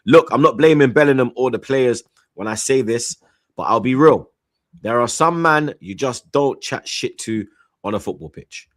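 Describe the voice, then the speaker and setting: A man chatting casually on a football stream, rambling through shout-outs with slang and repeated "you get me". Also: mid-range voice, lively intonation, normal speed, no room sound, clean studio sound. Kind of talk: casual chat, reading out super chats.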